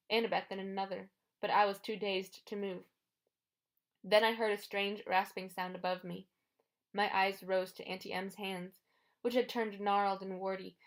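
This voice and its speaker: Woman narrating a tense audiobook. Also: medium pitch. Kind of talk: first-person audiobook narration.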